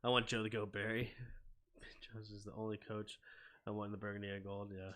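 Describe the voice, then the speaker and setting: A young man hosting a live sports stream, mixing casual chat with excitable football play-by-play that climbs to shouting on big plays. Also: on the low side, a little fast.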